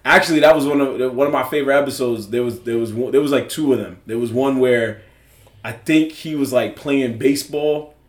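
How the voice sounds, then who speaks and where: Casting: male podcast co-host, mid pitch, lively storyteller who laughs a lot; roomy echo. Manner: animated storyteller, acts out scenes, laughs often. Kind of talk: casual chat.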